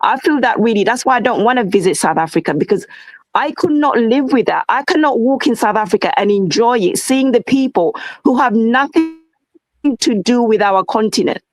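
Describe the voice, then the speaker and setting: Fervent, lecturing woman with a high voice. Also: animated, moderate pace, no room sound, rough recording. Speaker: guest. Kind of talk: impassioned discussion.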